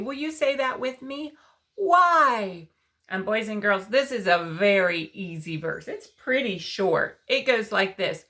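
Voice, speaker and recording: A woman preschool teacher leads young children through a Bible story and a verse, her voice bright and fairly high. She talks in an unhurried, sing-song way, coaxing the kids along and often sinking to a soft hush for emphasis.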